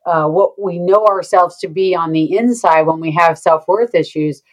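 Woman guest on a podcast, lowish voice. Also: moderate pace, low-quality recording. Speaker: sales consultant guest. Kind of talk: conversational interview.

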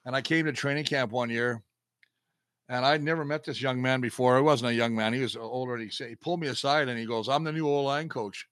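A man's voice: medium pitch, fast, no room sound, studio quality. A middle-aged man, a former player analyzing football, telling stories emphatically. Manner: animated storyteller, emphatic. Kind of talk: casual sports talk.

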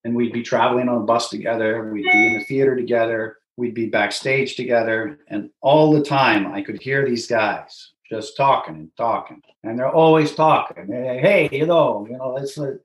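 An American man, an interview guest, telling stories in a lively, casual way. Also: mid-range voice, moderate pace, hardly any pauses. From United States. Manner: animated storyteller who acts out voices. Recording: roomy echo.

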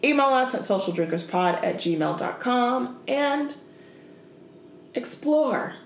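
A woman's voice: fairly high pitch, a little slow, creaky, a little hiss or hum. A woman in her thirties from the Southern United States, co-hosting a podcast and telling stories with quoted voices. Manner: animated storyteller, quotes people in character voices. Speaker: podcast co-host. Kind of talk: casual chat. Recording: roomy podcast recording, faint ambience.

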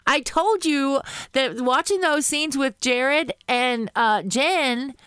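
A woman's voice: high-pitched, slow pace, fairly bright tone, no echo, studio quality. A woman from Arkansas with a Southern accent, co-hosting a casual podcast chat, rambling and laughing often. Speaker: podcast co-host.

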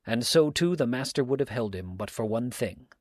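A man reading aloud, voicing a stern, upright countryman who speaks in a measured, severe way. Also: medium pitch, expressive, no echo, clean studio sound, close to an everyday voice.

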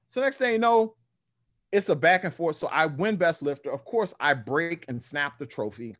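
Brief: male guest, lively storyteller, slightly high voice, dry recording. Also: moderate pace, no echo. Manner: animated, acts out other voices, casual slang and swearing. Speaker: guest powerlifter. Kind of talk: casual storytelling.

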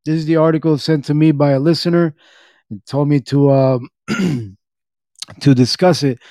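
A man hosts a casual podcast and chats with his live audience, rambling along with plenty of fillers and asides. His voice sits a little high but has a dark, mellow tone. It is recorded on a close mic in a dry room. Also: normal speed, no echo. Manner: rambling, filler-heavy, joking with chat. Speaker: podcast host. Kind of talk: casual chat reading chat and articles.

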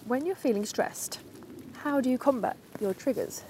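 A woman's voice: sits high, normal speed, dark tone, a little hiss or hum, low-quality recording. A woman, a podcast host, talking in a rambling, chatty way while walking outdoors through a park in the rain, laughing at herself now and then. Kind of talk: casual spoken monologue while walking.

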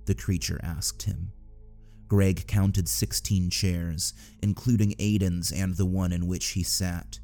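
A male narrator reads a dark tale in a steady, subdued way. His voice is low, mellow and fairly flat, with faint music underneath. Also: slow, vocal fry. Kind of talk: scripted audiobook narration.

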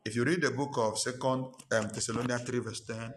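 Pastor, male, middle-aged, Ghanaian English accent; emphatic preaching with repeated phrases and climbing pitch. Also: steady tone, a little fast, slight background noise. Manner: emphatic, repetitive preaching that rises in pitch and force. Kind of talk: sermon.

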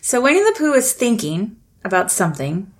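A woman's voice: medium pitch, big pitch swings, a little fast. A woman with a Midwestern American accent chatting casually as a podcast co-host, rambling with lots of "like" and dry sarcasm. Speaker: podcast co-host recapping a film. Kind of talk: casual chat.

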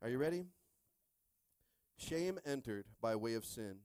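A middle-aged male pastor preaching a sermon with animated call-and-response, shifting between hushed talk and shouts. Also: medium pitch, unhurried, clean tone, dry recording.

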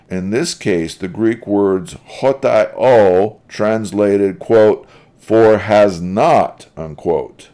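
Slow, low-voiced man teaching scripture. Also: dark tone. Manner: deliberate, methodical, reads quotes aloud. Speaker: Bible teacher. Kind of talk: scripted Bible study lecture.

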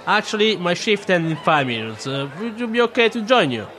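A man's voice: high voice, sing-song, a little fast, noisy background. A man playing a patient restaurant waiter who speaks slightly broken English. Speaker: waiter in a sketch.

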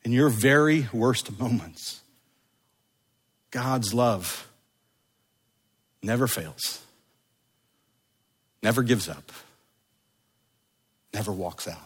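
Husky-voiced middle-aged preacher, slow delivery. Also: male voice, mid-range voice. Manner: swings between urgent emphasis and hushed, slow repetition. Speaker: pastor. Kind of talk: sermon. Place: church sanctuary. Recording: long hall reverb.

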